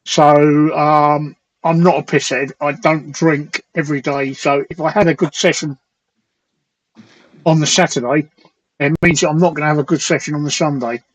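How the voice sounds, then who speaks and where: Guy hosting a late night stream, slightly hoarse, rambly and crude, a bit higher voice. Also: steady tone, normal speed, dry recording, poor audio. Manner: rambling, blunt and crude, reads out viewer comments. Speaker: talk show host. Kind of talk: casual late-night live stream chat.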